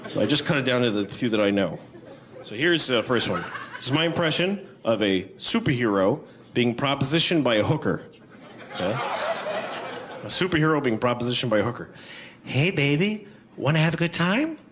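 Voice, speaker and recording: A man's voice: mid-range voice, expressive, moderate pace. A man performing a stand-up set with offbeat observational jokes and impressions. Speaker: stand-up comedian. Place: comedy club stage. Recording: noisy club with loud audience.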